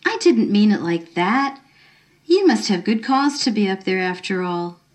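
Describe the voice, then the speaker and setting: A woman voicing a kind, unflustered middle-aged woman who talks gently and encouragingly. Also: medium pitch, sing-song, measured pace. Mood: gentle.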